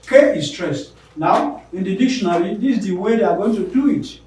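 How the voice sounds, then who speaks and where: A man teaching an English pronunciation lesson, repeating example words slowly and with emphasis. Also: sits high, a little mellow, slight background noise. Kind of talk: classroom lesson on word stress. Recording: very echoey room, voice from a distance.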